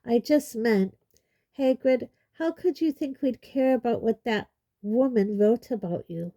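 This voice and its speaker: A woman's voice: on the high side, a little slow, warm tone, no echo, voice pushed up. A woman voicing an earnest, loyal teenage boy in an audiobook reading. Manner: earnest, a little sheepish. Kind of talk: audiobook character voice.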